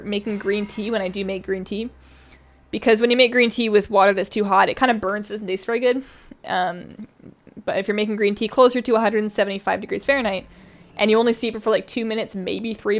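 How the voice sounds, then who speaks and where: A woman game streamer chatting casually during a live stream, reading chat aloud and laughing often. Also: medium pitch.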